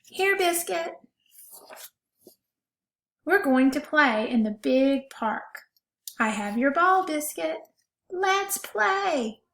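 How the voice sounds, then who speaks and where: A woman voicing a cheerful little girl looking for her puppy in a storybook, reading slowly in a sing-song way. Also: high-pitched, expressive, fairly bright tone, exaggerated voice. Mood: calling, cheerful. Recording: roomy echo.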